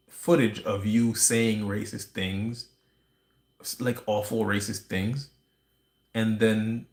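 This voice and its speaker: A man hosting a livestream, talking in a rambling, conspiratorial monologue with restarts and wry asides. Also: lowish voice. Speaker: livestream host. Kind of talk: casual ranting monologue. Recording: roomy echo.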